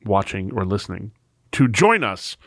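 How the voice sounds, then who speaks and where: A man's voice: lowish voice, very animated, normal speed, a bit bright, no echo, clean studio sound. A man co-hosting a podcast, telling rambling anecdotes in casual chat. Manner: rambling storyteller. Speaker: podcast co-host.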